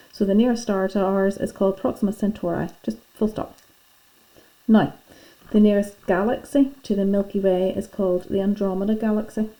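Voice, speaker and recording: A woman's voice: mid-range voice, mellow, rough recording. A woman teacher, patiently and chattily talking pupils through filling in their lesson notes. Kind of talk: classroom lesson going through worksheet notes.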